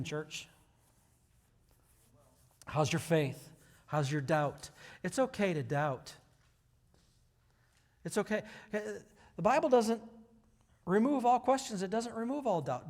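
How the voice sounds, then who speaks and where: A male pastor giving a sermon to his church, talking conversationally and rising to loud, emphatic passages. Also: sits high, unhurried, long pauses. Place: church sanctuary. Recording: hall reverb.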